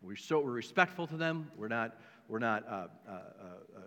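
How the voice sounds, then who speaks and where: A man's voice: medium pitch, lively intonation, normal speed, bright, forceful tone. A man preaching a sermon as a pastor, emphatic and repetitive, with joking asides to the congregation. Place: church sanctuary. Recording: long hall reverb.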